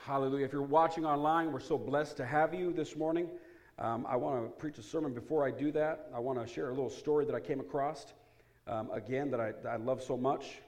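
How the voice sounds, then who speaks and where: A man pastor preaching to his congregation in a church sanctuary. His voice sits at an ordinary middle pitch. He drops to a soft, earnest hush in prayer, then jumps up loud and excited when he tells funny stories. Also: a little fast. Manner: energetic, humorous, swings from hushed prayer to loud excitement. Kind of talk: sermon.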